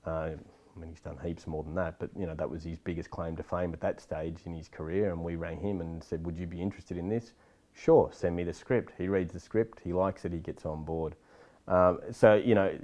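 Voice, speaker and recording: A middle-aged man gives a casual interview in a very deep, low voice. He talks bluntly, swears now and then and gets animated when he makes a point. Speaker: filmmaker guest.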